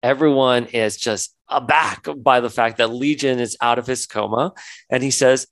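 A man co-hosting a comic book podcast in a relaxed, joking chat. His voice sits in a middle register, and it jumps up high whenever he mocks a character. The sound is close and dry. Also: normal speed, no room sound. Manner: animated, jokey, pitch jumps up when mocking characters. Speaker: podcast co-host. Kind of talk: casual chat reviewing comics.

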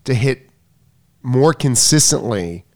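A man's voice: mid-range voice, lively intonation, takes it slowly, a little mellow. New man explaining tennis footwork. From New York. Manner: explains in detail, self-correcting restarts. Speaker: tennis coach. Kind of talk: casual podcast chat.

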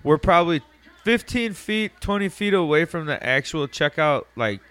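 A man's voice: fairly high pitch, normal speed, clean tone. A young man casually telling a story on a podcast, swearing often and laughing as he goes. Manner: profane, laughing, animated retelling.

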